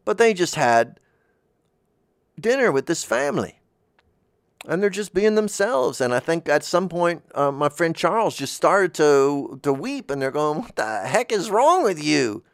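Soft-spoken rambling man, dry close mic. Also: fairly high pitch, expressive, a little slow, clean tone, dry recording. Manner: meandering, searching for words, soft-spoken. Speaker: host. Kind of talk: rambling gentle monologue.

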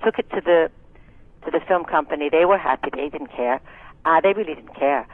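A woman's voice: sits low, a little fast, no room sound. A woman in her sixties from Scotland, a singer and actress telling frank, chatty stories with many asides in a casual interview. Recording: tinny phone line, dry.

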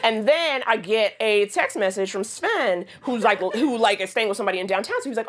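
Brief: woman, higher-pitched, comic storyteller, swears and laughs through it. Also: a little fast, a little hiss or hum. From United States. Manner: profane, laughing, animated. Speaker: guest storyteller. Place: radio studio.

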